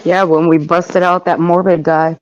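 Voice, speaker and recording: A woman's voice: on the low side, little pitch movement, moderate pace, darkish tone, no room sound. A woman co-hosting a casual livestream chat, affectionate and blunt, swearing casually. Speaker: livestream co-host. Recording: dull, dry stream audio.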